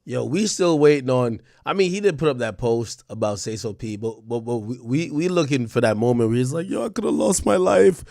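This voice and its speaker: A man's voice: mid-range voice, expressive, brisk, hardly any pauses, darkish tone, no room sound. Man, Jamaican accent, casual stream host, profane storyteller, dry close sound. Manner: storytelling, profane, many restarts. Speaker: livestream host. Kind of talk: casual commentary.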